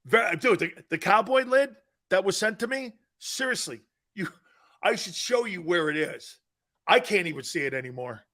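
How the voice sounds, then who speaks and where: Animated American man, bright live sports talk. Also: sits high, moderate pace. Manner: animated, loud bursts, laughs a lot. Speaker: sports talk show host reading live chat.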